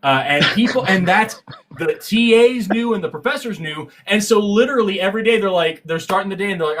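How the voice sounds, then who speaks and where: A man chatting as a guest on a science livestream, telling stories in an animated way, swearing freely and breaking into loud exclamations. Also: high-pitched, a little fast, a little hiss or hum. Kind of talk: casual livestream chat. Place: livestream, recorded remotely.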